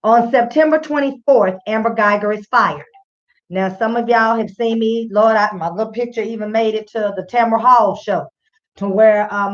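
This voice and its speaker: A woman hosting a radio show in casual spoken commentary, talking straight to her listeners as "y'all". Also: fairly high pitch. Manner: conversational, addresses listeners directly as y'all. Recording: slightly dull lo-fi sound.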